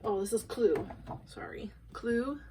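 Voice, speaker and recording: Gushing and apologizing often, this vlogger opens photocards in casual, excited talk that's emotional, shaky and rambling. Her voice is medium-pitched and slow, in a low-quality recording with slight background noise.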